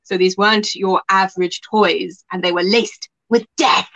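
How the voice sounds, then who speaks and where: Woman co-host, jokey and giggly, crisp bright tone, lo-fi sound. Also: mid-range voice, fairly even intonation, moderate pace. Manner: giggly, playful, jokey asides. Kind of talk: casual comedic podcast chat. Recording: muffled lo-fi audio.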